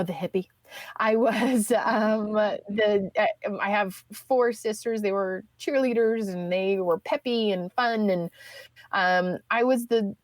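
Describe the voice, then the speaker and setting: A woman's voice: medium pitch, dry recording. A woman in her thirties, a podcast guest telling a personal story in a chatty way, full of fillers and restarts.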